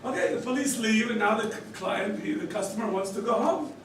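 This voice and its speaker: In an echoey hall, a higher-voiced rabbi briskly lectures a study group using story cases, with slight background noise. He's an animated storyteller who voices the characters' quoted lines and quizzes listeners with questions and chuckles. The mic is far from him, and the room is very echoey.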